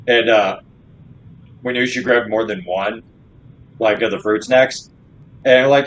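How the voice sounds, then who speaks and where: A man's voice: medium pitch, normal speed, long pauses, slight background noise, poor audio. A man in his thirties co-hosting a podcast, telling stories in laid-back, profane casual chat. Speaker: podcast co-host.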